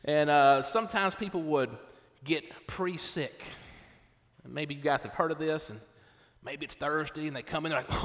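A man's voice: fairly high pitch, normal speed, fairly bright tone. A middle-aged male pastor preaching a sermon in a casual, conversational way, often checking in with "right?". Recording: long reverb of a hall.

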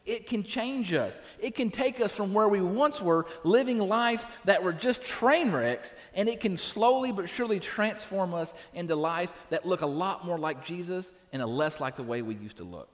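A man's voice: sits high, lively intonation, normal speed, hardly any pauses, long reverb tail. A man preaching a sermon in a church, talking conversationally and often checking in with "right?". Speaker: pastor. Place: church sanctuary.

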